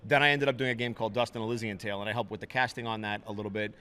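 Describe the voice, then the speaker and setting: A man in his thirties, a voice actor, chatting casually in an interview and telling stories in a lively way. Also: lowish voice, smooth. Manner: fast, lively storytelling. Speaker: voice actor guest.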